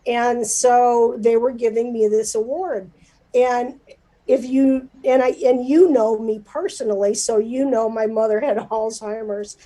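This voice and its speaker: A woman's voice: a little high, fairly even intonation, measured pace, mellow, rough recording. A middle-aged woman, a newspaper publisher, talking in a livestreamed interview with many fillers and emotion. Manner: chatty, emotional, lots of fillers.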